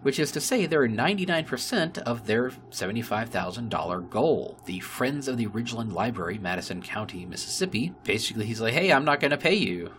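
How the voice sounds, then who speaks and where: A man's voice: on the low side, lively intonation, brisk, hardly any pauses, noisy background. A man hosting a podcast, ranting angrily and swearing often. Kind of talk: casual podcast talk.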